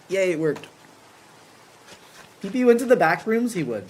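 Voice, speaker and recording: A man's voice: on the high side, measured pace, pauses often, soft background music, rough recording. A man streaming from home, chatting casually, reading viewer comments aloud and joking. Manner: lively, reads chat aloud and jokes. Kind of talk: casual livestream chat.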